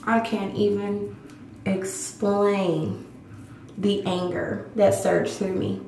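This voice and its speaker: A woman's voice: medium pitch, flat delivery, unhurried, darkish tone. A woman in her thirties telling a personal story to camera in a candid, emphatic way. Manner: candid, emphatic, acts out quoted voices. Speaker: vlog host. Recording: echoey room with clear background noise.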